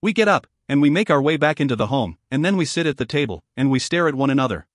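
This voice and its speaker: A man narrating a first-person fantasy audiobook with expressive storytelling. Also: on the high side, fast, no echo, studio quality.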